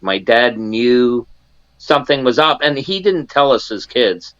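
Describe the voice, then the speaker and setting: A man's voice: mid-range voice, a little slow, fairly bright tone, clear, resonant tone, dry recording, lo-fi sound. A man in his sixties from Canada, a guest in an interview, telling a personal story and acting out the family members he quotes, with many restarts. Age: 60s.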